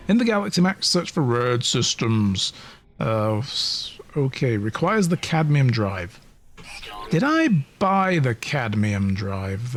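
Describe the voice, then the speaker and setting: A man streaming a video game, chatting casually and reading its text aloud, joking at his own expense and swearing freely. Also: mid-range voice. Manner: joking, self-mocking, swears freely, laughs often.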